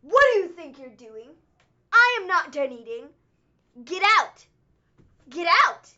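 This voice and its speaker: Woman impersonating an indignant shouting man, loud, high strained voice, lo-fi stream audio. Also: sing-song, a little slow, exaggerated voice. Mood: furious. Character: angry man scolding tablemates at dinner.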